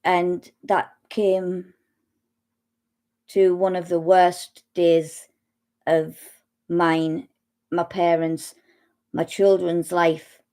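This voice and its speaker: Middle-aged woman, fairly low voice, slow deliberate personal testimony, halting with pauses. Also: flat delivery, dark tone. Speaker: speaker sharing personal experience.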